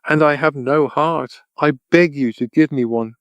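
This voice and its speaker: A man's voice: a little high, normal speed, dry recording, voice pushed up, lightly acted. A man voicing a tin woodman pleading humbly.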